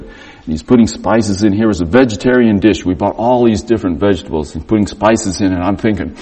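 A middle-aged man preaching a storytelling sermon, animated and acting out the dialogue. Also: fairly low pitch, brisk, breathy edge.

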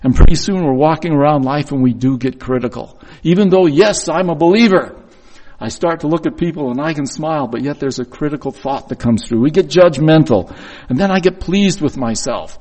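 A man's voice: on the high side, expressive, brisk, darkish tone, low-quality recording. A man preaching a reflective, confessional sermon, reading scripture and acting out the voices in it.

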